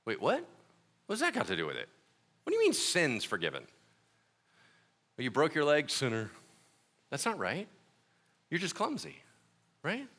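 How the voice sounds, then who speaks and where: A man delivers a sermon in a lively, joking way, with his pitch swinging freely. His slightly high, bright voice keeps the teaching light and conversational, and he often laughs at his own asides. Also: moderate pace, pauses often. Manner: animated, joking storyteller. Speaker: pastor.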